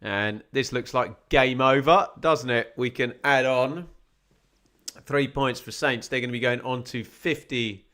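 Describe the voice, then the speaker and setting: A man's voice: mid-range voice, unhurried. A man doing chatty live commentary on a football match for a watch-along stream. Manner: chatty, wry asides, gets excited at chances.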